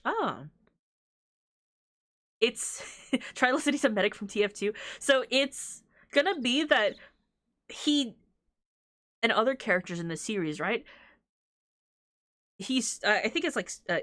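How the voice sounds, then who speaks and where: A woman's voice: on the high side, a bit bright, no echo. A woman streaming a visual novel, chatting casually and reading its lines aloud, laughing often between remarks.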